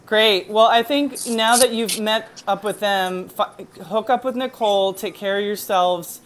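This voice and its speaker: A woman's voice: medium pitch, a little slow, a little hiss or hum. Chatty emotional woman hosting a live stream. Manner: chatty, emotional, laughs easily. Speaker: fan channel host. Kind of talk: casual live-stream chat.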